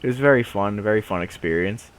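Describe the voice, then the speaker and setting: A young man casually telling a funny story on a podcast, in an animated way with lots of laughing and fillers. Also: on the low side, fast. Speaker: podcast co-host.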